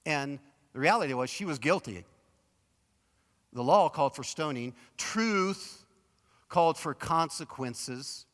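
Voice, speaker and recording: A man giving a sermon as a guest pastor, telling stories in a conversational way and swinging between emphatic points and hushed asides. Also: a little high, expressive, slow pace, pauses often. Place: large church auditorium. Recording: long reverb of a church auditorium.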